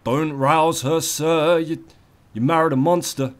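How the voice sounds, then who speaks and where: A man doing comedic let's play commentary, profane and theatrical, yelling at the game and its maker. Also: on the high side, fairly even intonation, measured pace.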